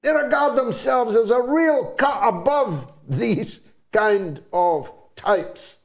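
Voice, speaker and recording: An older man with a Scottish accent hosting a political talk show, speaking with deep emotion. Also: lively intonation, slow pace, vocal fry. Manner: impassioned, emotional. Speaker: host.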